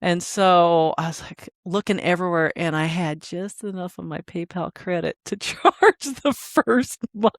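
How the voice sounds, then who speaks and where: A woman co-hosting a casual podcast, telling their story in an animated way and laughing often. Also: on the low side, measured pace, few pauses, no echo, clean studio sound. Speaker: podcast co-host. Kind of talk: casual chat.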